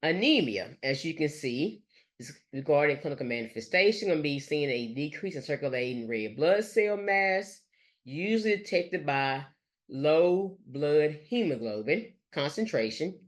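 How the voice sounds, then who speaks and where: A nurse educator giving a recorded lecture over slides, speaking haltingly and leaning on fillers and restarts. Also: mid-range voice, animated. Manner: halting, with frequent fillers like "let's say" and "gonna".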